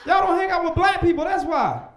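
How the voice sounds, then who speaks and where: Young male stand-up, high voice that swings wide, echoey club room. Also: brisk. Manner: animated, with loud shouted voices for punchlines. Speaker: stand-up comedian. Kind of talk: stand-up comedy set. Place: comedy club stage.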